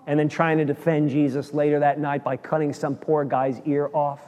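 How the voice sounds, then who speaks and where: A man preaching a sermon as a pastor, animated, acting out quoted dialogue as he tells the story. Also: fairly high pitch, normal speed, long reverb tail, dull audio.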